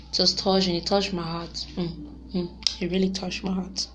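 A young woman chatting casually to her viewers, lively and quick to laugh. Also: lowish voice, slight background noise. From Nigeria. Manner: chatty and animated, laughs often, sings snatches of songs. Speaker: vlogger. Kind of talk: casual vlog chat.

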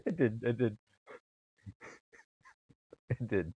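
A man's voice: medium pitch, takes it slowly, narrow, tinny audio, slight background noise. A man hosting a podcast in casual chat, laid-back and joking, mostly giving short replies. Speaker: podcast host.

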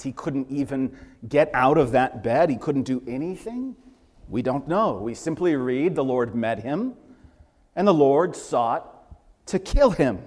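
A man's voice: a little high, a little mellow. Man preaching in a reverberant church. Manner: conversational, with asides and light humor. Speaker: pastor. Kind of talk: sermon. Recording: long hall reverb.

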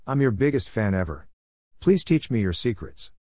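A man's voice: medium pitch, very animated, moderate pace, a little mellow, no room sound, clean studio sound. A man reading the lines of a nervous male bulldog going undercover in a storybook tale.

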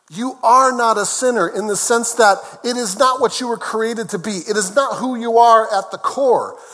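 A man's voice: high voice, sharp tone. A man preaching a sermon as pastor, emphatic, repeating key phrases and turning to chat with the congregation. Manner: conversational asides to the congregation. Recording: long reverb of a large hall.

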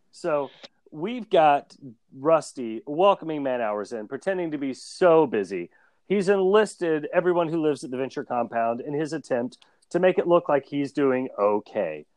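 A man chatting on a podcast in a playful, joking way, his voice pitched a bit high. The sound is close and dry, with no room around it. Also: unhurried, dry recording. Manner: jokey, laughs often, animated. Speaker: podcast co-host. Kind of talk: casual chat recapping a cartoon episode.

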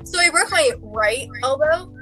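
High, bright young woman telling a story. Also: expressive, measured pace, soft background music, rough recording. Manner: rambling, giggly, acts out quotes. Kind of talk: casual chat.

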